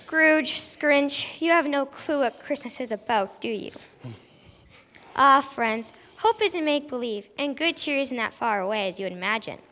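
A woman plays a solemn male prophet delivering warnings in a slow, preachy way. The voice is high and bright with a gravelly edge, and a long hall reverb trails it. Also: expressive. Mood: gently chiding. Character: solemn male prophet messenger, stern but kindly. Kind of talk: amateur stage play.

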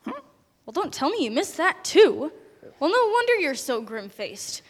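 A woman's voice: high voice, very animated, a little slow, big-room sound. A woman playing a friendly, eager male guide who welcomes and coaxes others along. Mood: coaxing. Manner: warm, welcoming, storytelling.

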